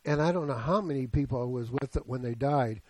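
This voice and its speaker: A man's voice: mid-range voice, a little fast, a little mellow, no echo, low-quality recording. Give me an older male pastor preaching conversationally. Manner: conversational, asks the congregation questions. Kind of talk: sermon.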